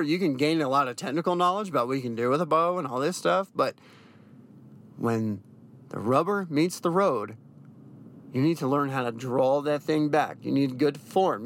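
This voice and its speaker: A man's voice: fairly high pitch, a bit bright. A young man hosting a podcast, giving a blunt, profane motivational monologue that keeps hammering the same points over and over. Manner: emphatic, repeats key phrases. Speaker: podcast host.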